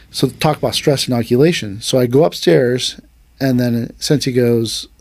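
A man's voice: mid-range voice, a little fast, dry recording. A man hosting a martial arts podcast, telling a story in a casual chat and acting out the voices in it. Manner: animated storyteller, acts out quotes. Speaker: aikido instructor and podcast host.

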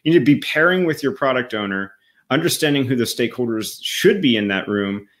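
A man's voice: mid-range voice, expressive, fairly quick, a bit bright. A man co-hosting a podcast in casual discussion, talking in a persuasive, conversational way. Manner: conversational and persuasive, with fillers and restarts. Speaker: podcast co-host.

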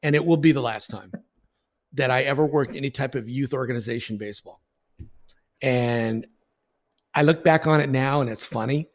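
A man's voice: mid-range voice, normal speed, long pauses. A man, a baseball umpire and podcast co-host, telling a story in blunt, profane, laughing casual chat.

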